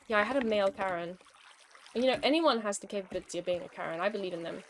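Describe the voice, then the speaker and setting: A young woman talks very fast in a mid-range voice while streaming a game, with noise in the background. She chats casually, spinning a wry, exasperated story between moves as part of her commentary.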